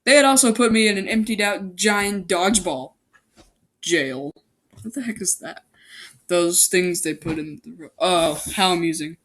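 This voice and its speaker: A woman reads a fan-written story aloud in a loose, casual way. She keeps interrupting herself with silly asides and corrections, mixing the narration with playful commentary. It sounds like a rough homemade recording. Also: on the low side, moderate pace, a bit bright, slight background noise. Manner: goofy, breaks off to joke and correct herself. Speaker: amateur story reader.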